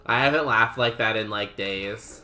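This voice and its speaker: Chatty young man with a bright voice. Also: fairly low pitch, normal speed, soft background music. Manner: laughs often, chatty, says "like" a lot. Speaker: streamer. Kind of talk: casual chat while playing a game.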